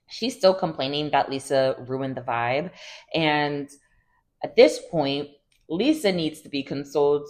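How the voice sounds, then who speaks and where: A woman with a notably low, deep voice runs through a reality TV recap in a loose, gossipy way. She leans on "like" constantly and drifts into asides while she tells it. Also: a little mellow. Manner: chatty and gossipy, heavy use of "like", laughs often. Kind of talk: casual TV recap chat.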